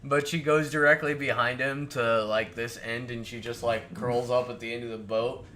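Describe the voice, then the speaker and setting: A man running a tabletop game as game master, narrating in a relaxed way with many filler sounds. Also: mid-range voice, moderate pace, a little hiss or hum. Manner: relaxed, lots of filler sounds, laughs often.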